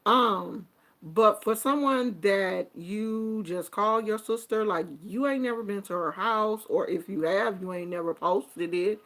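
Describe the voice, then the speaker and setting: A middle-aged woman vlogger chatting casually on a livestream, reading viewer comments in an animated, sassy way, going from low murmurs to loud exclamations. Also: unhurried.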